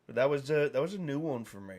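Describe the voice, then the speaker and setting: A man's voice: medium pitch, expressive, fast, a little mellow. A man hosting a livestream, telling a meandering anecdote in casual chat. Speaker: livestream host.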